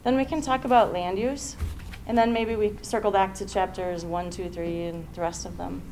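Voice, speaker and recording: A woman on city planning staff, walking a commission through a plan in a measured, explanatory way with some fillers. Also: medium pitch, fairly even intonation, darkish tone. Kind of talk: public meeting presentation. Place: city council chamber. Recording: noisy meeting room recording.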